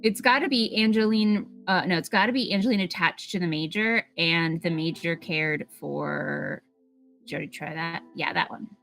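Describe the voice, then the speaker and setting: Bright, giggly woman chatting over gameplay. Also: fairly low pitch, normal speed, creaky, faint music behind. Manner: giggly, playful, lots of laughing. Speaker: game streamer. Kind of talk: casual chat while playing a game.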